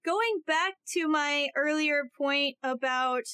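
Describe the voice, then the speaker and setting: A woman's voice: sits high, slow pace, pushed and bright. A woman co-hosting a podcast in casual chat, agreeing eagerly and laughing easily. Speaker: podcast co-host.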